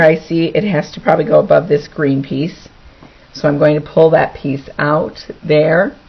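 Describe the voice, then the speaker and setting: Chatty woman demonstrating quilting. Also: low voice. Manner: chatty, talks through each step, repeats words for emphasis. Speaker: quilting instructor. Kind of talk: hands-on sewing demonstration. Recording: dull lo-fi recording.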